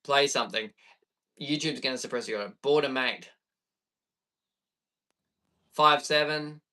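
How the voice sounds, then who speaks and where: Bright-voiced Australian man chatting on stream. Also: medium pitch, slow, far from the mic. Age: 30s. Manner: chatty and easygoing, reading viewer questions aloud. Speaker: streamer and bass player. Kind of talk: casual live-stream chat with viewers.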